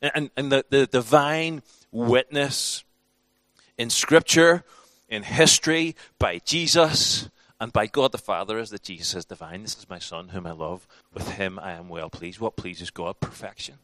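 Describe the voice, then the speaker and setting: A man's voice: on the low side, unhurried, sharp tone, dry recording. A man teaching a church class in a conversational, informal sermon style, with frequent restarts and acted-out quotes.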